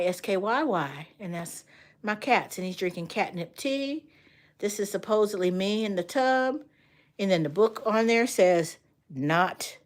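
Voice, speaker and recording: A grandmother who instructs art chats on a livestream in a mid-range voice. The older woman greets viewers by name and recounts her stories with lively enthusiasm.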